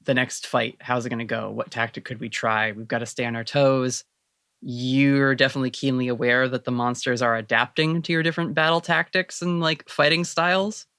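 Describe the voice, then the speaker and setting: A man narrating as game master of a tabletop role-playing game, setting scenes in a measured, descriptive way. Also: medium pitch, steady tone, pushed and bright, clean tone, dry recording, clean studio sound.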